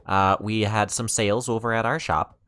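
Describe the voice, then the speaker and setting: A rambling gamer with a deliberately clumsy, exaggerated Canadian accent, as a man puts it on, tossing in "eh" and "bud" over let's-play commentary. The voice sits fairly low and the talk is loose and full of fillers. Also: fairly even intonation, a bit bright, clear, resonant tone, close to an everyday voice. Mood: chatty. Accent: put-on Canadian.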